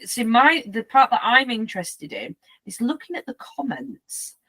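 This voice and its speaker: A woman's voice: a little high, big pitch swings, normal speed, sharp tone, slightly rough. Chatty woman telling anecdotes. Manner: chatty, acts out quotes in voices. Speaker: host. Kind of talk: casual chat.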